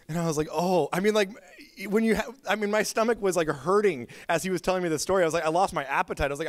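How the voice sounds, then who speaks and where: A man's voice: sits high, animated, fast talker, no echo. A man preaching a sermon as pastor, telling stories in a casual, chatty way with lots of filler words. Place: church.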